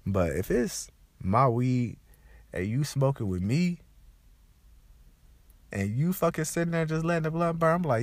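A young man with a congested, stuffed-up voice rants casually, spinning loose, profane, animated stories. His pitch sits on the high side and he speaks unhurriedly with long pauses. There's no room sound.

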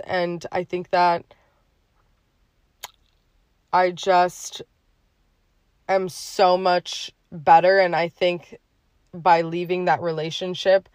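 Podcast host, personal monologue, heartfelt, emotional, lots of fillers, slow pace, dry sound. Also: mid-range voice, smooth, dry recording.

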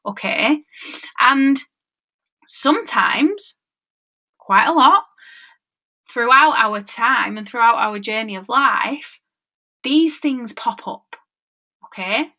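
A woman talks through a solo podcast episode as a mindset coach. She sounds chatty and conversational and keeps checking in with her listeners. Her voice sits a little high, with a bright, forceful edge. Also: lively intonation, slow pace, long pauses. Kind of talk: casual solo podcast talk.

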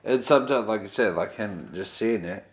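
Low-voiced man musing casually. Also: normal speed. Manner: reflective, loosely phrased musing. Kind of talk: casual chat.

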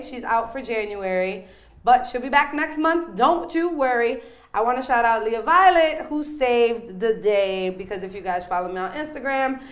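A woman hosting a casual interview show, lively and playful, laughing often as she talks. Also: on the high side. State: married. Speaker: host. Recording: echoey room.

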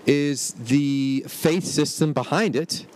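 A man co-hosting a casual podcast, animated and teasing as he argues with his friend while riding in a vehicle. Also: a little high, slow. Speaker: podcast co-host. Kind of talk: casual chat. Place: moving vehicle. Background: road noise.

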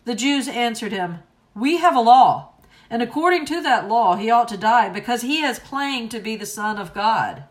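A woman giving a solemn, deliberate liturgical reading of scripture at a service. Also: a little high, animated. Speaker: scripture reader.

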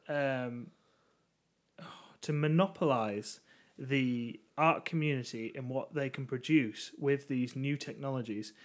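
A man co-hosting a podcast, summing up in a rambling, reflective casual chat. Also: mid-range voice. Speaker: podcast co-host.

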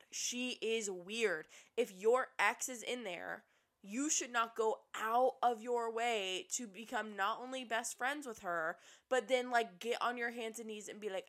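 A young woman co-hosting a podcast, recapping reality TV in a gossipy, animated way and swearing freely. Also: on the high side, measured pace. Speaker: podcast co-host. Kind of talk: casual reality-TV recap chat.

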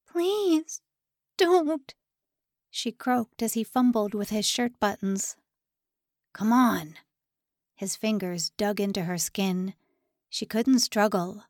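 A woman narrating an audiobook novel in a calm, measured storytelling manner on a close microphone. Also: medium pitch, dry recording.

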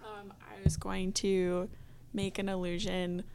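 A woman playing a tabletop game, hesitant and halting with many ums. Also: mid-range voice, flat delivery, creaky, a little mellow. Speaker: player.

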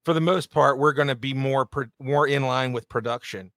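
A man in casual chat, talking excitedly about upcoming productions and laughing easily. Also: medium pitch, normal speed, no room sound, studio quality.

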